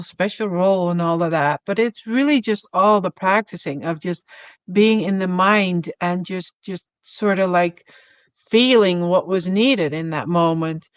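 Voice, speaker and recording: Slow soft-spoken woman, reflective story, dry close mic. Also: lowish voice, dry recording. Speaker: podcast guest.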